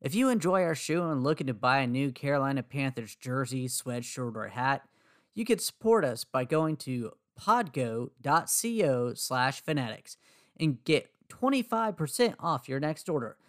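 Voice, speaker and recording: A man's voice: medium pitch, expressive, moderate pace. A man co-hosting a sports podcast who also reads the sponsor ad. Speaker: podcast co-host. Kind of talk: casual podcast chat and ad read.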